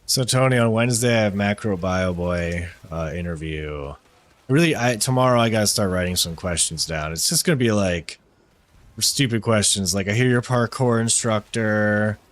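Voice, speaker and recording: Man streaming, low voice, rambling, profane, joking about himself, casual chat. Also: lively intonation, normal speed. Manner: rambling, profane, self-deprecating.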